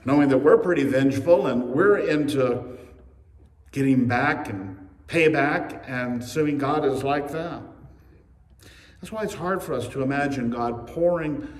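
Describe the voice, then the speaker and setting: A male pastor preaching a sermon with emphasis, slowing on key phrases and speeding through asides. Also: mid-range voice. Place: church sanctuary. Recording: echoey church from a distance.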